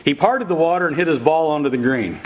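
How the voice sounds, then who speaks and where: A man's voice: on the high side, lively intonation, quick pace, a little hiss or hum, poor audio. A man preaching a sermon in a casual, folksy way, with fillers and chuckles at his own jokes before turning to scripture. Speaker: pastor.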